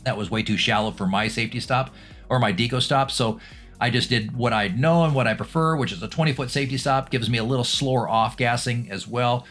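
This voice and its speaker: A man's voice: medium pitch, brisk, a bit bright, faint music behind. A middle-aged man, a scuba instructor, chatting through a dive review with lots of ums and restarts. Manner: casual, chatty, with many fillers and restarts.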